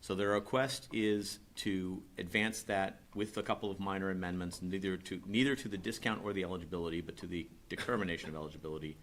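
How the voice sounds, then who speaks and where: A middle-aged man presenting a rate request at a public meeting, explaining it in a brisk, conversational way. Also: deep voice, fairly even intonation, fairly bright tone.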